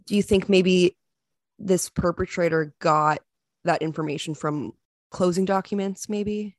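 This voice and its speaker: A woman hosting a true crime podcast, asking measured, probing questions of her guest. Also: fairly low pitch, no echo. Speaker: podcast host. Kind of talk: interview questions.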